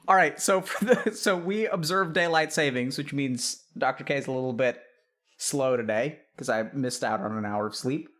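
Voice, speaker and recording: A man hosts a livestream in a casual, playful way, talking straight to his viewers. His voice sits at an ordinary middle pitch for a man, and his delivery is upbeat and easygoing. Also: moderate pace, a bit bright. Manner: playful, upbeat, talks directly to chat. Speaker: streamer and psychiatrist host.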